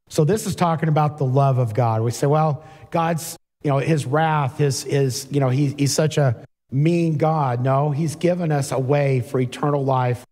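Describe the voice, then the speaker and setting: Reading scripture aloud and breaking off for asides, a man preaches a sermon in a conversational style. His voice is medium in pitch with a darkish tone and a moderate pace, heard through long hall reverb.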